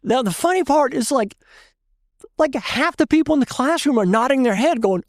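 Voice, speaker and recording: A man, a chef and guest, telling an animated story in casual chat and laughing often. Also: very high-pitched, normal speed, dry recording, studio quality. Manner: animated, laughs often, tells stories with voices.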